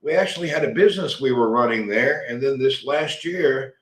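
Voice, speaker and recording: A man's voice: mid-range voice, fairly quick. Man in his middle years, folksy livestream host, loose rambling delivery, roomy sound. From Tennessee, USA. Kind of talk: casual live chat reading comments.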